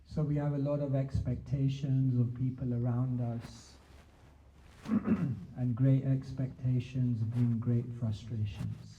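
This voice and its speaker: A man, a spiritual teacher, answering questions in a measured talk with repeated emphatic phrasing. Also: medium pitch, little pitch movement, dark tone, a little hiss or hum. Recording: dull lo-fi sound.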